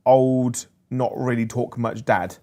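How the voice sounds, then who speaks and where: A man's voice: medium pitch, fairly even intonation, slow, dark tone. A man co-hosting a casual podcast chat, enthusiastic and nostalgic as he tells stories. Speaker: co-host.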